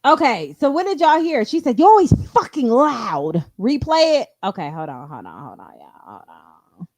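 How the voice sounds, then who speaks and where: A woman with a high, lively voice runs a casual reaction stream, dishing blunt and profane gossip. She sits close to a dry mic with no room sound at all. Every so often she slips into quick impressions of the people she's reacting to. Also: no room sound. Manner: mimics the clip in quoted voices. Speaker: stream host.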